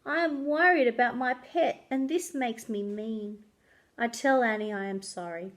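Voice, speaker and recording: A woman's voice: a little high, a little slow. A woman reading a children's chapter book aloud as a librarian, telling it expressively and doing voices. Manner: expressive, animated storytelling with voices. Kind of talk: children's story read-aloud.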